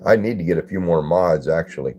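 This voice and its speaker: A man's voice: low-pitched, quick pace, a little mellow, slight background noise. A man, hosting a casual phone livestream and greeting viewers by name in a laid-back way. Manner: laid-back, greets chatters by name and reads comments aloud. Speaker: livestream host.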